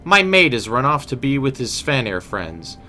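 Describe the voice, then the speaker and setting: A man's voice: mid-range voice, big pitch swings, normal speed, pushed and bright, soft background music, pitched above the performer's own voice. A man voicing a worried young woman from a fantasy game, reading her lines aloud. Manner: reads quest dialogue aloud in a raised voice. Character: worried young Norn woman, anxious and pleading.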